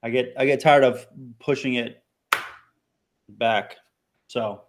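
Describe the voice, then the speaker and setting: A man's voice: mid-range voice, steady tone, takes it slowly, background noise. A man co-hosting a casual podcast, laid-back with dry teasing. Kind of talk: casual chat.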